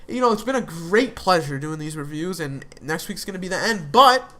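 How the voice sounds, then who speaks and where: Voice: mid-range voice, animated, normal speed, fairly bright tone. Rambling casual TV recap speaker. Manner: rambling, with many fillers and restarts. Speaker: TV episode reviewer.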